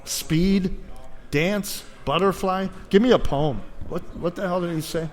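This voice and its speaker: A man hosting a casual podcast chat, animated and quick to laugh. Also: high voice, a little hiss or hum. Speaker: podcast host.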